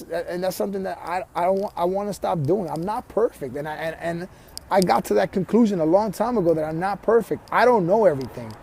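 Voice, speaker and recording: A man's voice: sits high, darkish tone, a little hiss or hum. Earnest man coaching his viewers. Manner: earnest, talks straight to viewers; restarts and repeats words often. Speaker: life coach. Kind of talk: motivational vlog monologue.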